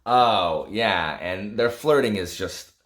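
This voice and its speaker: A man's voice: fairly low pitch, slow pace, fairly bright tone. A young adult man, chatting casually in a vlog and reacting to a novel with exasperated laughs. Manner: exasperated, laughing, dramatic reading asides. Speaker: book vlogger.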